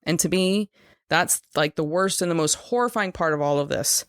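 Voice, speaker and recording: A woman's voice: on the low side, moderate pace, clean tone, no echo. Woman, solo podcast host, earnest explaining, speaks to listeners, dry close mic. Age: adult over 25. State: choked up at moments.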